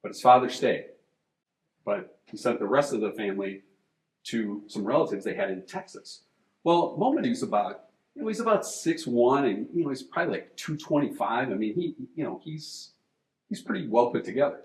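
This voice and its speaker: A man moderating a panel, telling an anecdote in a relaxed storytelling way. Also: mid-range voice, normal speed. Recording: echoey room.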